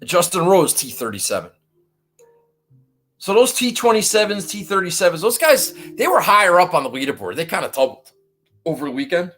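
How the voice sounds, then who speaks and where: Podcast host recapping a golf weekend; exasperated, profane, animated, trips over own sentences. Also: mid-range voice, brisk, faint music behind. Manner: exasperated, swearing storyteller; animated, frequent restarts and rising outbursts. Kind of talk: casual golf betting recap.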